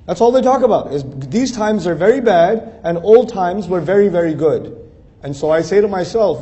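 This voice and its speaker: A man's voice: high-pitched, expressive, moderate pace, mellow. A man giving an earnest religious lecture, building lists of phrases and rising to emphatic peaks. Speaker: Islamic speaker. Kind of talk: lecture to a Muslim audience.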